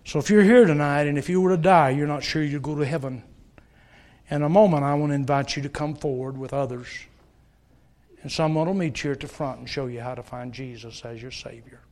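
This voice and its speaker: A middle-aged man preaches at a church service in a brisk, fairly high voice with a darkish tone. He tells stories and earnestly pleads with the congregation during a sermon that ends in an altar call.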